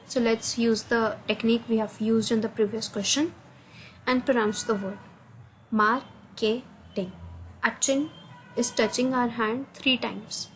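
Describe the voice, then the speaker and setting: A woman with an Indian English accent and a somewhat high voice explains test answers step by step. She hesitates often and fills the gaps with "uh". A faint hiss sits under the recording. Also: steady tone, moderate pace, rough recording. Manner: hesitant, many uh fillers, non-native grammar. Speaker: student explaining assignment answers. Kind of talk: screen-recorded answer walkthrough.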